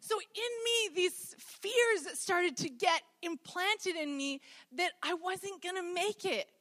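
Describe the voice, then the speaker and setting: A woman's voice: extremely high pitch, slow, fairly bright tone. A woman preacher giving a conversational sermon, telling stories with humor. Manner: chatty, storytelling with humor.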